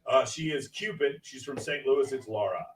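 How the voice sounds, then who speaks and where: A man hosts a casual panel show and runs through his guest introductions with brash jokes. His voice sits at an ordinary pitch. He sounds set back from the mic, with noise under the recording. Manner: joking, brash, introduces guests in quick succession. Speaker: host. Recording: distant mic with noticeable background noise.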